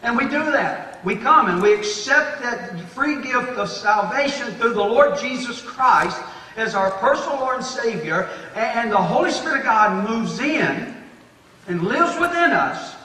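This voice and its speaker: A man's voice: extremely high pitch, expressive, a little slow, bright, forceful tone. A man preaching a fervent sermon, addressing his listeners as dear friend and repeating himself for emphasis. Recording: echoey hall, picked up from a distance.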